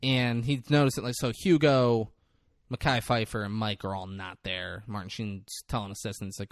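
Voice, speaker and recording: A man's voice: lowish voice, normal speed, no room sound, studio quality. A man co-hosting a podcast, recapping a film in casual chat and acting out characters' lines. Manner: animated, swears, acts out movie lines in big voices. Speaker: podcast co-host.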